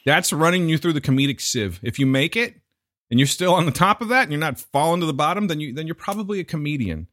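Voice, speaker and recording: A man's voice: on the high side, expressive, fast, a bit bright, no room sound, clean studio sound. A man hosting a casual chat who sets up improv bits and swears casually. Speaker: podcast host.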